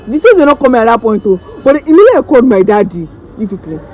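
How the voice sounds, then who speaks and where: A Nigerian woman vlogger telling a story-time tale in an animated, dramatic way, acting out the voices of the people in it. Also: a little high, racing, soft background music, poor audio.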